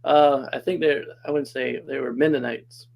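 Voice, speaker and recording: A man's voice: medium pitch, steady tone, moderate pace, gravelly, darkish tone, slight background noise, low-quality recording. A man casually telling a personal story as a podcast guest, chatty and laughing often.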